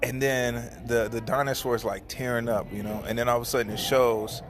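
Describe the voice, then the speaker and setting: A barber and host talks casually and sincerely at a moderate pace in a middle-pitched voice, rambling and restarting sentences before shifting into heartfelt prayer. A steady wash of background noise sits beneath the recording.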